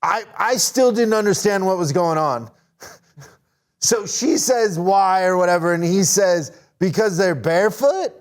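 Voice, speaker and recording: A man hosting a casual video-call chat, telling an animated, laughing story. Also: high-pitched, measured pace. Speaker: host.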